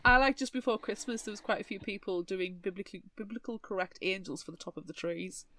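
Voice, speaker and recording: A woman's voice: mid-range voice, fast, a bit bright, rough recording. A woman co-hosting a podcast, chatting casually with wry, sarcastic asides. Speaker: podcast co-host.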